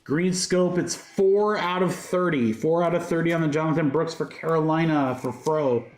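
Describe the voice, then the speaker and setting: A high-voiced man gives live card-break commentary in an upbeat, joking patter. His voice rings in a roomy, echoing space. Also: moderate pace. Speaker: host of a card-break livestream. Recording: roomy echo.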